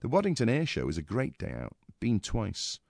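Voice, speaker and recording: A man's voice: lowish voice, wildly swooping pitch, moderate pace, creaky, a little mellow, no echo, studio quality. A man from England, a regular contributor, reading out a clipped, anecdotal personal piece.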